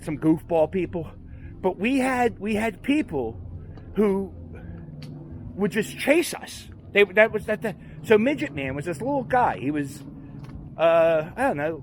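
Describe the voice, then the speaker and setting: Out on a city street, a man running a walking vlog rambles along in a chatty, self-deprecating manner. His voice sits a little high, and there's a slight hiss or hum on the audio.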